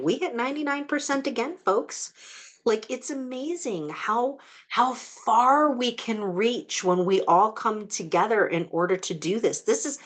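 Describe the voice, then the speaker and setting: A woman hosting an energy healing group on a video call. She intones blessings slowly and earnestly, then chats warmly with many "like"s. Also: fairly high pitch. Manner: slow, earnest incantation, then chatty with many "like"s. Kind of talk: guided healing invocation and group chat.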